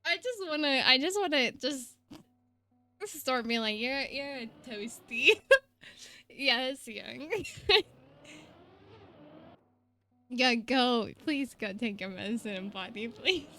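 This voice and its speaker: A young woman streaming a game, chatting excitably with her viewers and laughing often. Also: a little high, takes it slowly, pauses often. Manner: excitable, giggly, chatty with chat. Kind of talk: casual gaming live-stream chat.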